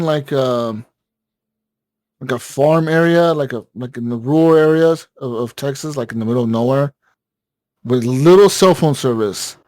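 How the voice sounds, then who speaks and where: A man's voice: fairly high pitch, a little mellow, no echo. A man casually telling a long story on a gaming podcast, rambling with lots of fillers and swearing. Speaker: podcast co-host.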